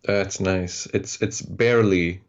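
Deep gravelly man, dull podcast sound. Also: steady tone. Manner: halting, restarts phrases while explaining. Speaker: podcast co-host. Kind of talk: casual podcast chat.

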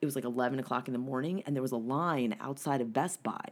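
A woman's voice: very deep voice, quick pace. A woman in casual chat, telling a long story bluntly and with plenty of swearing. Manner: profane, blunt, animated retelling.

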